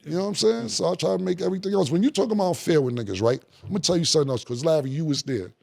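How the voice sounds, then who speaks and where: A middle-aged man, a guest in a podcast studio, telling stories in a casual, animated way with plenty of slang and profanity and acting out other people's lines. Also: on the high side, rapid-fire, vocal fry. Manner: animated, acts out quoted dialogue, heavy slang and profanity. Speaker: guest rapper in a studio conversation. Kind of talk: casual storytelling.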